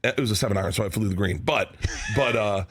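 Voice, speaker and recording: A man telling stories as a comedy guest in a studio interview, excitable and laughing often, acting out the people he quotes. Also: fairly low pitch, fast talker, breathy edge. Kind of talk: animated storytelling in an interview.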